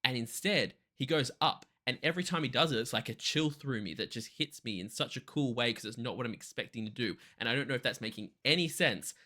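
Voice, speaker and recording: Reaction host, man, eager and thinking aloud, very bright, tense voice. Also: mid-range voice, animated, brisk, few pauses. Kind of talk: casual reaction commentary.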